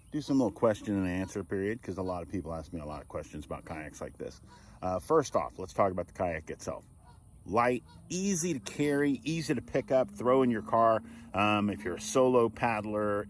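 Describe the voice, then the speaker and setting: A middle-aged man chatting easily from a kayak on a lake, giving tips to viewers on an action camera. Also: fairly low pitch. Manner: easygoing, chatty, jokey. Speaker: kayak vlogger. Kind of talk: casual outdoor vlog commentary.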